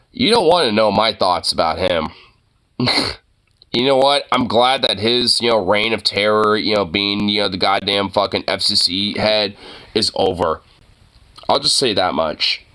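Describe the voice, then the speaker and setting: A man hosting a casual chat, reacting to a news clip with excited, profane rants. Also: fairly low pitch.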